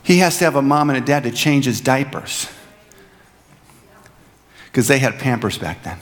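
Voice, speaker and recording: A man's voice: medium pitch, expressive, normal speed, a bit bright. A male pastor preaching a sermon in a church, earnest and building to emphatic repeated lines. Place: church sanctuary. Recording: long hall reverb.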